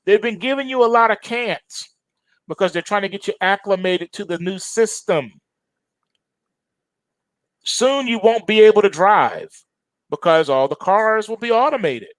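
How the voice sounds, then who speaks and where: A man's voice: sits high, no echo. Guy hosting a trading show, warning folks, preachy and urgent, dry close mic. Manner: urgent, lecturing, mocking rhetorical asides. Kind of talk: warning monologue.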